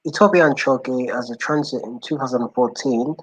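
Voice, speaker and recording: A man's voice: medium pitch, moderate pace, breathy edge, no room sound, poor audio. A man joining a casual stream as a guest, speaking earnestly and switching between English and Somali. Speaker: guest caller. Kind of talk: casual online stream chat.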